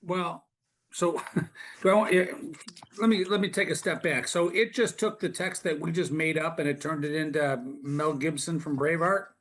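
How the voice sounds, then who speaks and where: A man with a high voice co-hosts a live workshop. He jokes around and asks playful questions in easy banter. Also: fairly even intonation, normal speed, fairly bright tone, slight background noise. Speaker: workshop co-host.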